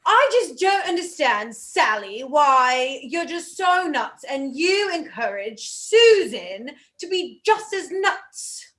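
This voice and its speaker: A woman's voice: high voice, sing-song, slow, hardly any pauses, a bit bright, exaggerated voice. Woman doing an exasperated bank teller. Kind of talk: improv comedy scene.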